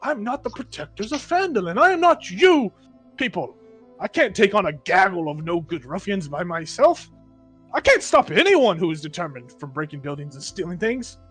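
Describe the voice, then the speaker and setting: A man's voice: high-pitched, big pitch swings, normal speed, fairly bright tone, husky, soft background music, pitched above the performer's own voice, exaggerated voice. Man putting on a whiny cowardly mayor. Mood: indignant. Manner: pleading, indignant, self-pitying. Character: whiny cowardly middle-aged male town mayor.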